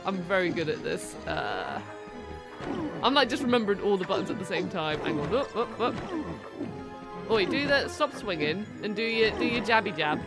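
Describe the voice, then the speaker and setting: A woman's voice: medium pitch, very animated, moderate pace. Chatty woman streamer over game music. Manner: chatty, playful, reads chat aloud and talks to the game. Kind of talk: casual live game commentary.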